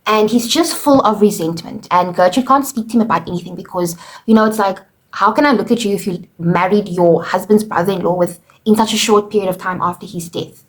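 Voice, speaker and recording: A woman teacher talks her students through a play in a relaxed, conversational way. She keeps checking in with "okay" and retells the characters' lines in her own words. Her voice sits at a middling pitch. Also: fairly quick. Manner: chatty, explains with paraphrased quotes, frequent "okay" and "you know". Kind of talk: casual lesson recap.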